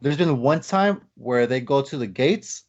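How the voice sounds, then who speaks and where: A man's voice: mid-range voice, expressive, unhurried. Male podcast host, casual storyteller, filler-heavy, slightly muffled recording. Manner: rambling, many fillers, acts out quotes. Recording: slightly dull lo-fi podcast audio.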